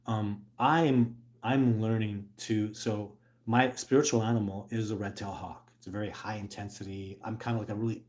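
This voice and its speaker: A man's voice: fairly low pitch, normal speed, few pauses. A middle-aged man hosting a casual livestream, talking earnestly and rambling, with lots of restarts and filler words. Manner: bursts into loud excited put-on exclamations. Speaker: host.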